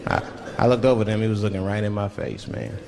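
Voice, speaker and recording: A man's voice: on the low side, fairly even intonation, fast, creaky, a little hiss or hum. A male stand-up comedian telling loose stories on stage, breaking into voiced asides. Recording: live stage with loud audience laughter.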